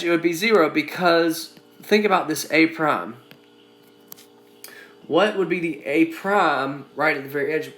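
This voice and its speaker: Male instructor, unhurried and halting, repeats himself while teaching; roomy classroom echo. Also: a little high, fairly bright tone. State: coughing now and then. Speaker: engineering instructor. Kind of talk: recorded lecture. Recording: echoey room sound.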